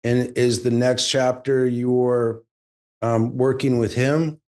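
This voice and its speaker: A man's voice: medium pitch, level tone, slow, dark tone. A man hosting the interview, asking long, rambling questions with lots of fillers. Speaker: interviewer, lawyer host. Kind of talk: casual interview.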